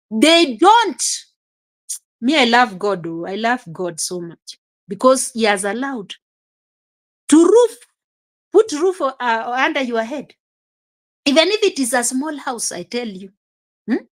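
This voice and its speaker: A woman giving casual reaction commentary, exclamatory and scolding, chuckling often. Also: fairly high pitch. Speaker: reaction vlogger.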